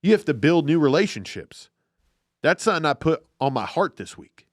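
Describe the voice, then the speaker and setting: A man's voice: on the high side, sing-song, normal speed, no room sound, studio quality. A man mimicking a gushing, emotional quarterback. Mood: gushing earnest. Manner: sincere, gushing, mocking impression. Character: earnest emotional male quarterback at a press conference.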